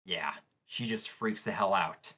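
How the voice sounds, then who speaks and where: A man's voice: sits low, a little slow, sharp tone, shouting. A man hosting a live manga reaction, describing the panels aloud and reacting with shock to what he reads.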